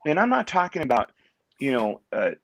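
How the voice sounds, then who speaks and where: A middle-aged man from Washington State, a guest in an interview, talking in a halting way and often repeating words as he restarts his sentences. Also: a little high, very animated, slight background noise. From Washington State, USA. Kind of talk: conversational interview.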